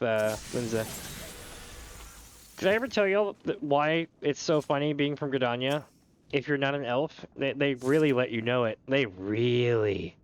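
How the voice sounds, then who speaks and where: A man's voice: mid-range voice, a little hiss or hum. A man streaming a game, chatting casually and telling rambling stories with laughter. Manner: rambling, animated storyteller who often laughs and slips into voices.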